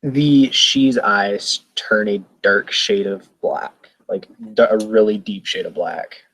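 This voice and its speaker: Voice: low-pitched, slow pace, a bit bright, low-quality recording. A player in a tabletop role-playing game, narrating their character's actions in short, plain lines. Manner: terse and plain.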